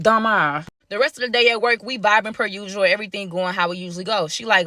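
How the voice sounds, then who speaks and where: Young woman spilling a story, slangy and dramatic, fast and bright, dry close mic. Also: medium pitch, no room sound. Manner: animated, slangy, dramatic repetition. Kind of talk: storytime monologue.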